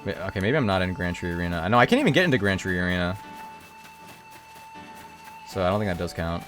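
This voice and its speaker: A man live-streaming a video game, chatting casually with viewers and breaking into high, excited yelps when something happens in the game. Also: fast talker, faint music behind.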